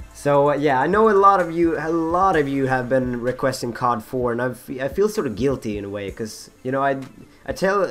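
A young man with a husky voice rambling through casual gameplay commentary, full of fillers, restarts and self-mocking asides. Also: mid-range voice, fairly bright tone. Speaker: gaming channel host.

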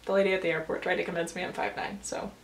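An eighteen-year-old American woman from the United States answers viewer questions in a casual vlog recorded on a camera mic. Her voice sits fairly low with little pitch movement, and it sounds gravelly as she races along. She's bubbly and chatty, giggling between answers.

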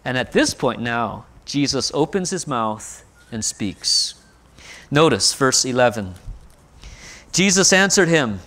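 A pastor preaching a sermon, explaining scripture with rhetorical questions and rising emphasis when quoting. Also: male voice, medium pitch, big pitch swings, slow, bright, forceful tone.

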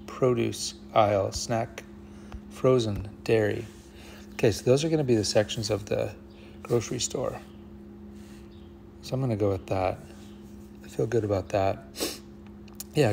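A man's voice: fairly low pitch, creaky, a little mellow, a little hiss or hum. A man thinking aloud as he solves a word puzzle, musing half to himself and sometimes dropping to a near whisper. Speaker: puzzle channel host.

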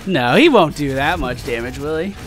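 Excitable, swearing man calling his game. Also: on the high side, moderate pace, music in the background. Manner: excitable, swears a lot, reacts loudly to loot. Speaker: let's play host. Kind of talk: casual gameplay commentary.

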